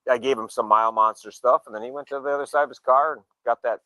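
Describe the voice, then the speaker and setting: A man in casual chat telling a story, acting out the quoted dialogue in a relaxed way. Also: medium pitch, quick pace, no echo, rough recording. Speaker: show regular, motorcyclist.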